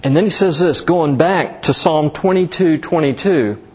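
A man preaching a sermon as pastor, slow and emphatic, lifting his voice on key words. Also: fairly high pitch, slightly rough, lo-fi sound.

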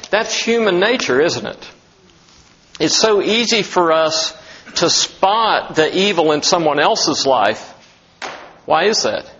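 A man's voice: sits high, fairly bright tone, highs cut off. A man preaching an expository sermon as a pastor, talking emphatically and asking many rhetorical questions.

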